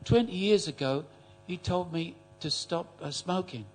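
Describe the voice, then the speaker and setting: An older man voicing a sweet, frail, nearly blind old woman who speaks gently and calls people dear. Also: sits high, unhurried, voice pushed up. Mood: sweet, gentle.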